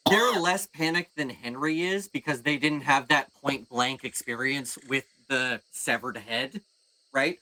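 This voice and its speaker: A man narrating as game master in a casual, animated way. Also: medium pitch. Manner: animated, casual, swears freely.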